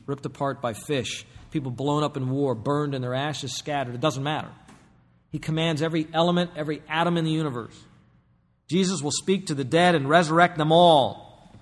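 A man's voice: on the high side, big-room sound. A man preaching a sermon as pastor, emphatic, with bursts of raised voice.

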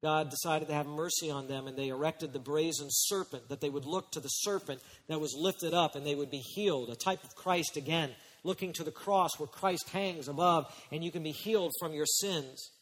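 A man preaching a sermon, dropping to hushed warnings and rising to loud urgent appeals, acting out his listeners' excuses. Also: on the high side, long reverb tail. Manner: acts out listeners' excuses in quick quoted voices. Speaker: pastor.

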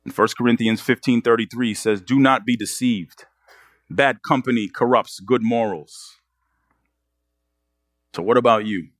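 A man's voice: mid-range voice, unhurried, long pauses, dry recording, studio quality. A man preaching a sermon as pastor, pressing the congregation with earnest rhetorical questions.

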